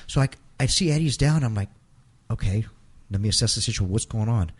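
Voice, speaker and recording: A middle-aged man as an interview guest, telling an emotional personal story in a halting way, repeating words and acting out quotes. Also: lowish voice, expressive, slightly rough.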